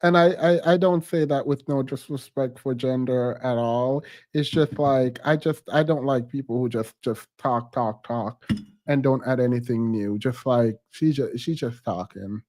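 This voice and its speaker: A man's voice: mid-range voice, a little slow, darkish tone. Blunt, exasperated man reacting. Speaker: podcast co-host reacting to a clip. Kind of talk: casual reaction commentary.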